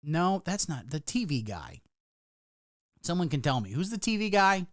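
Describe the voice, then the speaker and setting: A man's voice: a little high, sing-song, moderate pace, fairly bright tone, dry recording, studio quality. Sarcastic, rambling male streamer. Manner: sarcastic, rambling, swears a lot. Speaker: livestreamer. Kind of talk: casual live-stream commentary.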